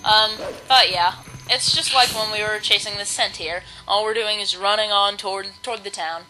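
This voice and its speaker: A woman's voice: mid-range voice, steady tone, normal speed, pushed and bright, low-quality recording. A woman giving rambling, self-deprecating let's play commentary while she plays a game. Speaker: gamer. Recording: game music underneath.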